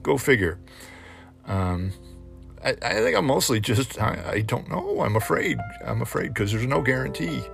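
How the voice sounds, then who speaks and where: A man speaking in a personal reflective monologue, halting and hesitant with many fillers, candid and casually swearing. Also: mid-range voice, very animated, gravelly, music in the background.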